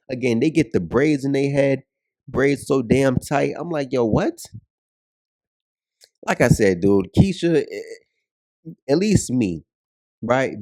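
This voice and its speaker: A man ranting on camera in a blunt, profane, repetitive way. His voice is mellow and dark-toned, recorded dry and close with no room sound. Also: mid-range voice, no echo. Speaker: commentator. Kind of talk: ranting video commentary.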